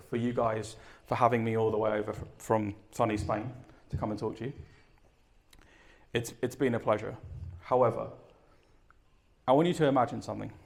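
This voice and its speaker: Male conference speaker, gravelly, energetic storyteller who asks the room questions. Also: medium pitch. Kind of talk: live talk and Q and A. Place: event room with an audience.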